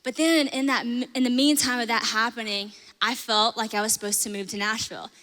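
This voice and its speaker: A young woman sharing a personal faith testimony, earnest and animated, with lots of "like". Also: a little high, fairly quick, big-room sound. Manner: earnest, animated storytelling with frequent "like". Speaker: host sharing her testimony.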